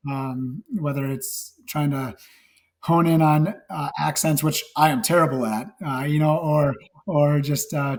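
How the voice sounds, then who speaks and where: A guest actor and nurse from Wisconsin chats in a relaxed interview, rambling and looping back with fillers and restarts. His voice is low and a little raspy, pitched slightly higher than most men's.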